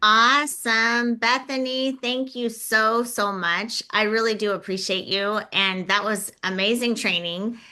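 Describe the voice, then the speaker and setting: A woman hosting a video call session, with a fairly high, bright voice. Her tone is smooth and clear. She effusively thanks her guest and addresses the audience directly. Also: steady tone, measured pace, hardly any pauses. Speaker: host.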